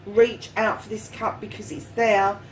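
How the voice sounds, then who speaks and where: A woman reads tarot in a chatty, encouraging way, dropping casual swear words along the way. Her mid-pitched voice sounds a little distant from the mic over faint background ambience. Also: little pitch movement, a little slow, a little hiss or hum. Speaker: tarot reader.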